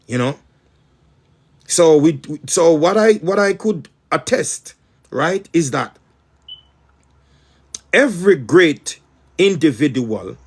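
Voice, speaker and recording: A man with a Jamaican accent, preaching as a spiritual teacher in an emphatic, repetitive patois-laced monologue. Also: a little high.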